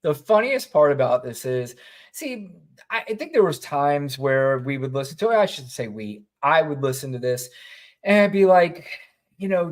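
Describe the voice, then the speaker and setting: A man's voice: on the high side, expressive, normal speed. Wry, rambling male podcast host. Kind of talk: casual political commentary.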